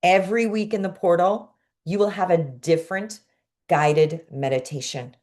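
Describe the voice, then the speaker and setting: Lively Brooklyn woman coaching a class. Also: on the low side, moderate pace. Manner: energetic, expressive, drops to a hushed voice for emphasis. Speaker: creativity coach. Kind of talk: online class talk.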